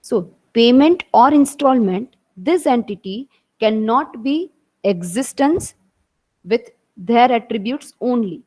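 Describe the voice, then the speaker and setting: A woman's voice: a little high, animated, slow pace, darkish tone, rough recording. A woman teacher with an Indian English accent giving an online class lecture, explaining step by step and repeating her points.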